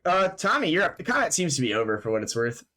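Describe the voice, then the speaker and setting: A man running a tabletop game over voice chat, in a fairly high voice whose pitch jumps around a lot. He narrates loosely and casually, swearing freely, laughing and padding his sentences with "like". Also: sing-song, fast talker, sharp tone. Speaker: game master.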